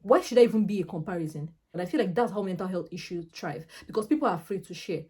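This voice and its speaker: A young adult Nigerian woman with a Nigerian accent, talking frankly and casually to camera in a vlog, full of quick asides. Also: on the low side, warm tone, husky. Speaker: YouTuber.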